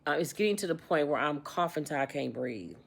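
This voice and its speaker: A woman's voice: low-pitched, fairly quick, vocal fry, slightly rough. A woman in her sixties telling a personal story in a casual vlog, repeating herself and acting out quoted dialogue. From United States. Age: 60s. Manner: repetitive, animated retelling with quoted dialogue. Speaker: vlogger.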